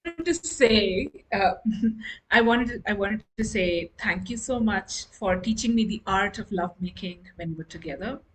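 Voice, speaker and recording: A woman's voice: medium pitch, lively intonation, normal speed, lightly acted, rough recording. A woman improv comedian playing a flustered woman seeking closure with her exes, nervous and stammering, over a video call. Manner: nervous, stammering, giggly apologies.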